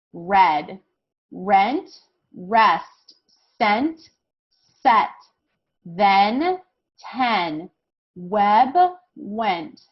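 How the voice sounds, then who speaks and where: A woman teaching a kindergarten lesson, slow and encouraging, often checking in with "okay?". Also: mid-range voice, muffled recording. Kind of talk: recorded classroom lesson for young children.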